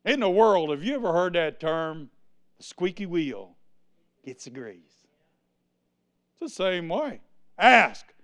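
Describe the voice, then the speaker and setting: High-voiced preacher shouting and drawling. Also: male voice, smooth. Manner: exuberant, with sudden shouts and calls to the congregation. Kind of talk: sermon.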